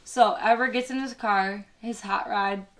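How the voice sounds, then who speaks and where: A woman's voice: medium pitch, steady tone, measured pace. A young woman retelling a film as comedy, brash and swearing a lot, slipping into sassy character voices.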